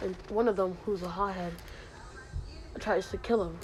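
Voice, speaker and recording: Rambling woman telling a story, mid-pitched. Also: steady tone, moderate pace, darkish tone, slight background noise, poor audio. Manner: rambling, lots of fillers and restarts. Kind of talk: casual retelling of a made-up story.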